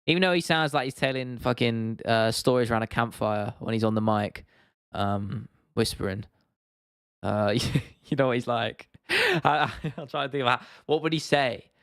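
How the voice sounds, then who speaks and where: A man's voice: mid-range voice, animated, normal speed, creaky, fairly bright tone, clean tone, no room sound, clean studio sound. A young man from England hosting a casual livestream, reading out chat comments and rambling with frequent restarts and laughs. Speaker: livestream host.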